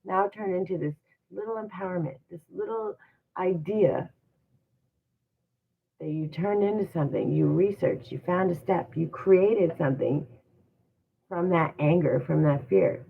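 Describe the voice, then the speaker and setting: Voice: mid-range voice, a little slow, creaky, long pauses. A livestream host giving a motivational talk, encouraging and repetitive, full of rhetorical questions. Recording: tinny phone-like audio.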